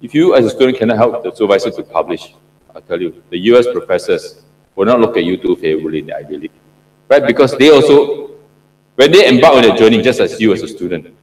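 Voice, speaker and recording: A man's voice: fairly low pitch, animated, fast, darkish tone, recorded from a distance. A middle-aged man from Singapore giving an interactive classroom lecture as a professor, often asking the audience questions and repeating himself for emphasis. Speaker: professor lecturing on PhD supervision. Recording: roomy lecture hall echo.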